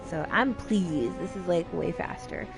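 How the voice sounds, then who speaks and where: A woman's voice: on the low side, a little slow, gravelly, music in the background. A woman streamer chatting casually as she plays a video game, swearing freely and acting out what characters said. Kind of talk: casual gameplay commentary.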